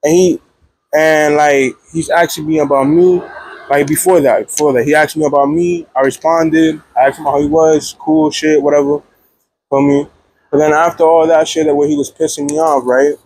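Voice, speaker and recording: A young man telling a story to camera as a student vlogger, animated and profane, checking in with the viewer constantly. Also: fairly high pitch, moderate pace, slightly rough. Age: young adult. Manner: animated, profane, keeps checking in with 'feel me', 'right?'. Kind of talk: casual storytelling vlog.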